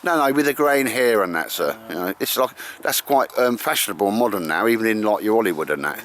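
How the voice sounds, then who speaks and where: A man's voice: lowish voice, expressive, fast talker, a bit bright. A man bantering and teasing his mates on a bushcraft outing in the woods, recorded on camera. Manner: joking, teasing, chatty. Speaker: bushcraft vlogger. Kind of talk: casual banter with friends. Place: outdoors in woods on a cold day.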